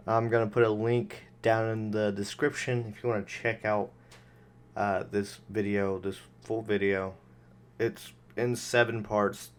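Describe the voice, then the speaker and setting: A man's voice: lowish voice, a bit bright. A man giving casual, sarcastic, exasperated commentary on a video clip.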